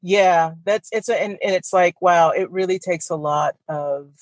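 A woman's voice: on the low side, a little slow, no echo, rough recording. A woman co-hosting a podcast, talking thoughtfully in a loose, rambling way with restarts. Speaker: podcast co-host. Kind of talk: casual conversation.

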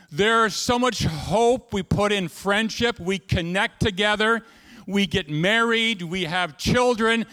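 A man's voice: sits high, fairly bright tone, clear, resonant tone, dry recording, clean studio sound. A middle-aged male pastor preaching a sermon in a folksy, conversational way, repeating words and talking straight to the congregation.

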